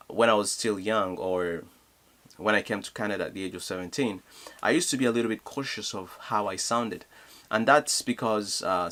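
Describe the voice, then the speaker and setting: A man's voice: on the low side, bright, forceful tone. A young man from DR Congo with a Congolese accent, speaking in a motivational vlog in an earnest, encouraging way, often asking rhetorical questions. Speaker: youth speaker.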